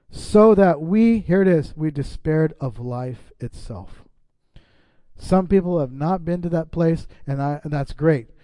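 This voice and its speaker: A man's voice: fairly high pitch, dark tone, no echo. A middle-aged man preaching a sermon as pastor, reading scripture and breaking off into casual asides to the congregation.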